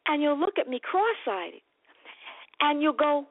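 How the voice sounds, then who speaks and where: Impassioned woman coach preaching on the radio, high voice, dry and phone-thin sound. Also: moderate pace, no room sound, narrow, tinny audio. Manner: impassioned, animated, addresses listeners as beloved. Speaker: nutrition coach and broadcast host. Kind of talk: preaching-style health talk.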